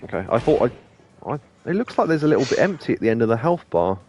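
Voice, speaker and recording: A man's voice: mid-range voice, big pitch swings, fast talker, a little mellow, highs cut off, faint music behind. A man hosting a let's play, talking casually and rambling with plenty of ums and asides. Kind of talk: casual gameplay commentary.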